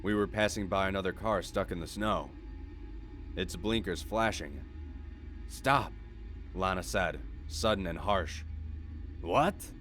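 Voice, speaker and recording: A man with a very low, deep voice narrates a horror story in a measured, unhurried way. Soft music plays faintly behind him. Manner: measured, steady storytelling delivery.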